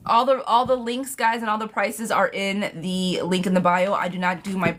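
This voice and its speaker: A woman's voice: on the low side, noisy background. A young woman reading tarot on a live stream, casual and sassy, who laughs often and swears freely.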